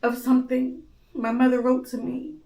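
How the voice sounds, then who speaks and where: A woman's voice: high-pitched, steady tone, moderate pace, dark tone, reverberant. A woman in her thirties hosting a candid, emotional monologue, raw and blunt with plenty of swearing, audibly tearful. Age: 30s. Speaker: host. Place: home.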